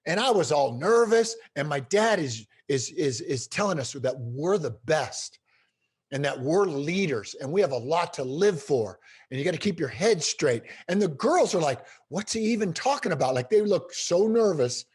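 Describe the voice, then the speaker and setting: A middle-aged man telling stories as an interview guest, animated and emphatic. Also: fairly high pitch, normal speed, breathy edge. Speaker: guest speaker. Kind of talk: storytelling in a podcast interview.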